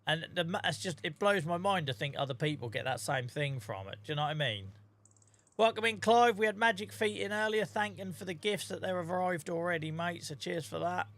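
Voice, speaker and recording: A man's voice: sits high, animated, a little fast, fairly bright tone. A man with a Norfolk accent chatting casually to his viewers while he plays a game, swearing freely and greeting people by name. He sounds tired and sore. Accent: Norfolk English. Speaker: game streamer. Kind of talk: casual live-stream chat while playing.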